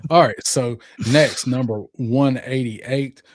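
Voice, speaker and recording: A man co-hosting a toy show, arguing mock trials in a steady, deliberate, mock-formal way. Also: mid-range voice, no echo, studio quality. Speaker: co-host. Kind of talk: playful mock courtroom banter.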